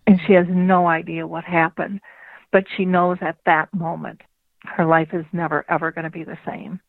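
A woman, a dementia advocate, telling a parable with measured, drawn-out phrasing over a phone line. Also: lowish voice, little pitch movement, gravelly, dry recording. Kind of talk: storytelling parable. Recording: dry tinny phone-line sound.

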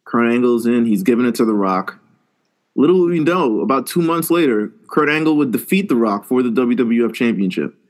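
A man co-hosts a podcast live watch in loose, casual chat. He is laid-back and keeps his voice at a plain middle pitch, often opening a thought with "listen". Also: lively intonation, brisk. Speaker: podcast co-host.

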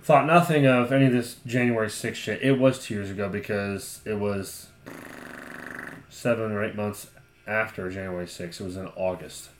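A man's voice: fairly low pitch, moderate pace, reverberant, slight background noise. A man with an Ohio accent, a podcast co-host telling a long story in casual, profane chat and laughing often.

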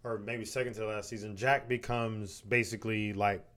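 A man's voice: lowish voice, little pitch movement, normal speed, a bit bright. A young man co-hosting a podcast, talking in a laid-back, joking way with casual swearing. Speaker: podcast co-host. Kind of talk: casual chat.

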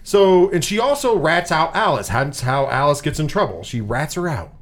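A man's voice: fairly high pitch, normal speed. A man casually reviewing a film on a podcast, ranting with a lot of swearing and acting out characters' lines in mocking voices. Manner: animated, profane ranting with mocking quoted voices.

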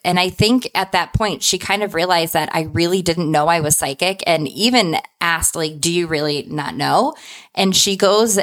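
Chatty woman with a lowish voice. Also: a bit bright. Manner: chatty, tags lines with "like" and "right?". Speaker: storyteller. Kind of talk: casual personal anecdote.

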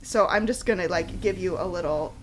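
A woman co-hosting a casual book chat, enthusiastic and quick to read passages aloud. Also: fairly low pitch, slight background noise. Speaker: podcast co-host.

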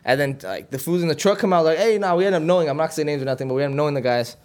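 Fast-talking man telling a rowdy story. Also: a little high. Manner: profane, animated storyteller who acts out the dialogue. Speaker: podcast host. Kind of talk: casual storytelling chat.

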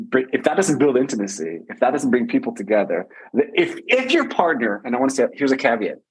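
This man's voice has a husky, slightly breathy grain. He sits at a middle pitch and works through relationship advice in an animated storytelling way, often repeating his phrases for emphasis. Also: rough recording. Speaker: relationship coach guest. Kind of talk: conversational advice.

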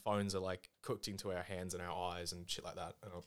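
A man's voice: sits low, little pitch movement, a little fast. A man, chatting casually about movies, laughing and swearing as he rambles. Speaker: podcast co-host. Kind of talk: casual chat reviewing movies.

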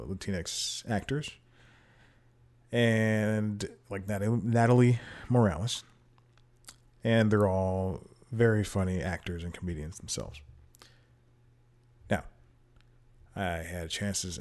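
A man's voice: fairly low pitch, a little mellow. A man hosting his podcast alone, rambling casually and self-deprecatingly, laughing often between thoughts into a desk microphone at home. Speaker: podcast host. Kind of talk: casual solo podcast monologue. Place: home room with TV playing behind.

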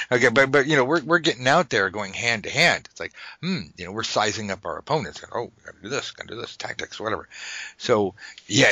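Rambling, bright-voiced man, low-pitched. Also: no echo, poor audio. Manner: rambling, self-interrupting, jokey. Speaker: podcast host. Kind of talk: casual conversational podcast.

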